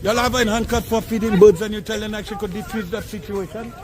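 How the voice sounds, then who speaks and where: A man in the street, exasperated and protesting loudly at police as the scene is filmed. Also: high-pitched, fairly even intonation, fast talker. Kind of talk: heated street argument. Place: outdoors on a street. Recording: crowd around him in the street.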